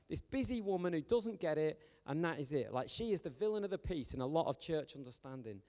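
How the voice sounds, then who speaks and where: A young man with a fairly high voice delivers a relaxed, humorous sermon. His words ring out with a long reverb, as in a church hall. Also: a little fast, few pauses. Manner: chatty, joking storyteller. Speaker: preacher.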